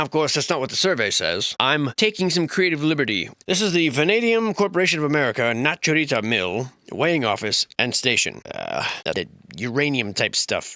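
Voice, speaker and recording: A man's voice: medium pitch, pushed and bright, no room sound, clean studio sound. A man giving comedic commentary in a mock-serious tour-guide manner, full of sarcastic joking asides. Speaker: host.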